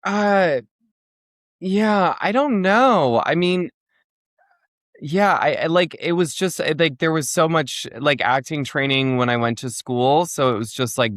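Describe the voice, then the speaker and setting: A man's voice: fairly high pitch, expressive, unhurried, fairly bright tone, no room sound, clean studio sound. A young man from Fargo, North Dakota, a comedian guest on a podcast, rambling and filling his talk with "like" and restarts. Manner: rambling, heavy on "like", many restarts. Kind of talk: casual podcast interview.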